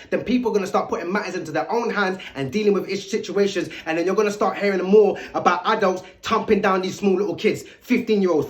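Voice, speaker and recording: A man giving an emphatic, lecturing vlog commentary, full of rhetorical questions aimed at his viewers. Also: high-pitched. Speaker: commentary video host.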